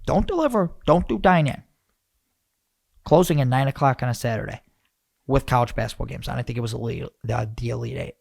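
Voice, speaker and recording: A man hosting a podcast, rambling and animated as he rants, with lots of restarts. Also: mid-range voice, fairly quick, gravelly, dry recording, studio quality. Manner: animated, rambling, self-interrupting. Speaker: podcast host. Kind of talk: casual podcast rant.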